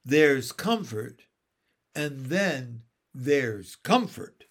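A man's voice: a little high, big pitch swings, slow, full character voice. A man voicing a prim, stern young nanny who speaks snappily and disapprovingly.

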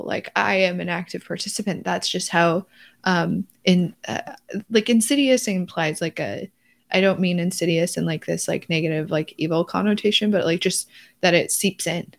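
A woman's voice: lowish voice, normal speed, vocal fry. A young woman co-hosting a podcast, talking casually in an effusive, rambling way full of restarts. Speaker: podcast co-host. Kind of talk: casual chat.

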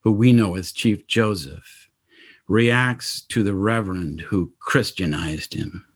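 A man's voice: on the low side, takes it slowly, slightly rough. A man narrating a spoken-word story in terse, poetic fragments.

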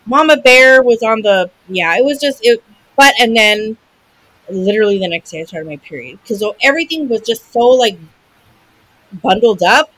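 A woman's voice: on the high side, expressive, moderate pace, a bit bright, no echo, low-quality recording. A woman in her forties, co-hosting a podcast and telling an emotional personal story in casual chat, full of fillers and restarts. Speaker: podcast co-host.

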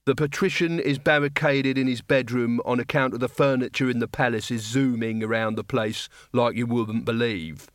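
A man voicing a gruff, scornful city guard captain who drawls his words slowly in an audiobook reading. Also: mid-range voice, steady tone, no echo, clean studio sound, natural voice.

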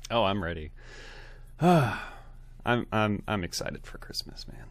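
A man's voice: on the low side, very animated, slow pace. A sick, sniffly man co-hosting a podcast in a laid-back, self-deprecating chat. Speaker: podcast co-host.

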